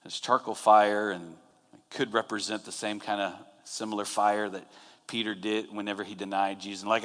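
A man preaching a sermon in a relaxed, conversational way, retelling scenes and acting out quotes. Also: lowish voice, moderate pace. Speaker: pastor. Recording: long hall reverb.

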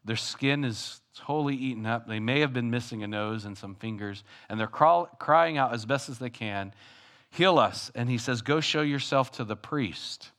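A man preaching a sermon as pastor, animated, moving between loud calls and quiet asides. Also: medium pitch, moderate pace, hardly any pauses.

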